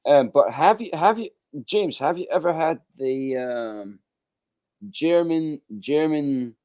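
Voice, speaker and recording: A man's voice: on the high side, expressive, slow, a little mellow. A man from Scotland chatting casually on a video call, rambling and hesitant with many ums and the odd swear word. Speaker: host. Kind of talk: casual chat.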